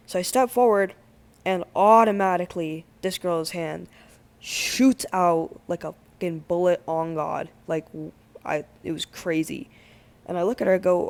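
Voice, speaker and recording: A man casually telling a story to his channel audience, full of slang, swearing and filler words, with animated, exaggerated turns of phrase. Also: high voice, moderate pace, creaky. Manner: slangy, swears freely, lots of "like". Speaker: gaming channel host.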